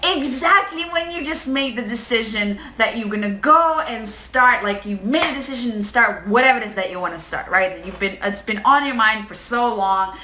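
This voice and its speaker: Chatty woman coach on a live stream, kinda high bright voice, echoey room. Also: moderate pace, few pauses, a little hiss or hum. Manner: chatty, animated, greets viewers, acts out inner voices. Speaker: life coach. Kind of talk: live-stream talk to viewers.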